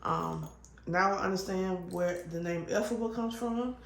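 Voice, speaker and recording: A woman's voice: fairly low pitch, unhurried, vocal fry. Chatty woman rambling. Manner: chatty, rambling, frequent ums and restarts. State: coughing. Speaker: vlogger. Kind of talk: casual chat while crafting. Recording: roomy room with faint noise.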